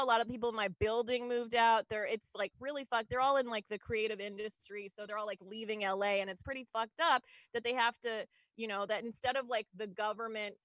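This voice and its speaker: A woman doing a stand-up comedy set, her voice sitting on the higher side. She rambles, leans on fillers and small laughs, and turns every joke back on herself. The sound is dry and close. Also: sharp tone, no room sound, rough recording. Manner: rambling, self-deprecating, frequent fillers and laughs. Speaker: stand-up comic.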